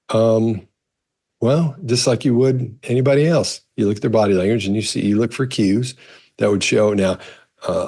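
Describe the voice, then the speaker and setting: A man's voice: deep voice, a little mellow, slightly rough. A man, a body language expert, casually answering viewer questions in a rambling way, often restarting his phrases. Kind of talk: casual explanatory talk.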